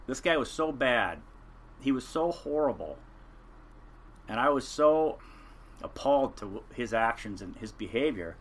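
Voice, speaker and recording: A man's voice: mid-range voice, big pitch swings, normal speed, bright, forceful tone. An older man, a former fishing captain, telling stories from his working years in a casual podcast interview, rambling and earnest with frequent restarts.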